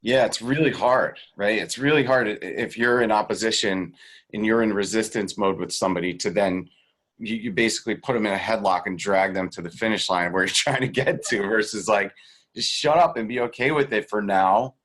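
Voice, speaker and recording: A man being interviewed as a sales coach, teaching in a casual, animated way and acting out the voices of the people in his stories. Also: lowish voice, a little fast. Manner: animated storyteller who acts out quoted voices; swears casually and laughs between points. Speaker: guest real estate sales coach.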